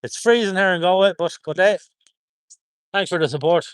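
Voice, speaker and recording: An Irish livestreamer with a voice that sits high talks at a moderate pace, his tone clean and the recording dry. He's outdoors at a protest, phone held close, upbeat as he reads viewer comments and thanks people by where they're from.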